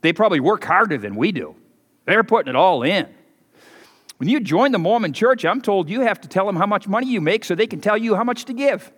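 A man preaching a sermon as pastor, telling folksy stories and leaping higher and louder for emphasis. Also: lively intonation, fairly quick, breathy edge. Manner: folksy storytelling, swings loud and high for emphasis. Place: church sanctuary. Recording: preached in a hall with long reverb.

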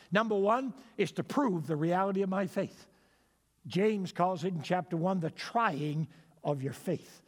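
A man's voice: high voice, long reverb tail. A man preaching a sermon, emphatic and repetitive, asking his listeners rhetorical questions.

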